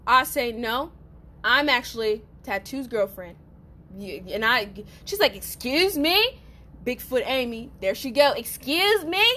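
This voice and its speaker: Brief: a woman podcast host spinning a story, salty and lively, voice on the higher side. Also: a little slow. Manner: profane, animated, acts out quotes; addresses listeners as y'all. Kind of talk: casual storytelling monologue.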